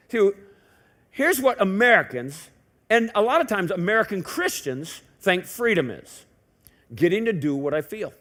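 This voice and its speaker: A man's voice: on the high side, fairly bright tone. A male pastor preaching a sermon in a church in a conversational way, full of rhetorical questions and joking asides. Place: church sanctuary.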